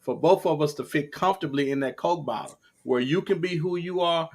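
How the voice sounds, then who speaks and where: A man's voice: a little high, a little fast, darkish tone. A man from Africa chatting on a panel, explaining things with a homely analogy. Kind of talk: casual chat.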